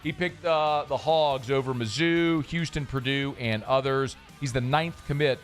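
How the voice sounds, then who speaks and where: Chatty sports radio host. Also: male voice, mid-range voice, a little slow, faint music behind. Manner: chatty, loose, folksy. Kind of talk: casual sports radio talk and live reads.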